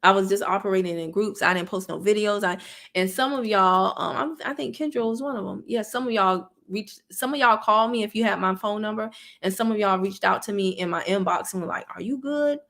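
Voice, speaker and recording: Speaking a little quickly in a medium-pitched, somewhat bright voice, a woman in her thirties hosts a laid-back livestream. She's an online business coach who talks candidly with viewers, reads out their comments, and laughs often.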